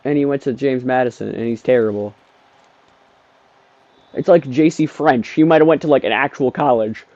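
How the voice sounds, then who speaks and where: A man doing let's-play commentary on a football video game, excitable, trash-talking the game and bursting into shouts. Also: medium pitch, moderate pace, long pauses. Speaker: gaming streamer. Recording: dull lo-fi dry mic.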